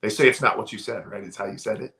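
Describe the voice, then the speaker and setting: A man's voice: lowish voice, quick pace, bright, forceful tone. A middle-aged man, a sales trainer, talking casually in an interview with an emphatic, storytelling delivery.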